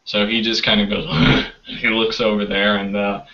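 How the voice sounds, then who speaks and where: Low, bright-voiced game master far from the mic. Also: male voice, monotone. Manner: loose, halting narration with many fillers. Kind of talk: narrating a tabletop game. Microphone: video call. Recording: distant, dull lo-fi call audio.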